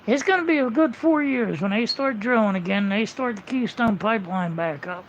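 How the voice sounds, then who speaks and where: A man's voice: sits high, normal speed, slight background noise. A man livestreaming a casual, rambling monologue, blunt and full of swearing, on muffled lo-fi audio.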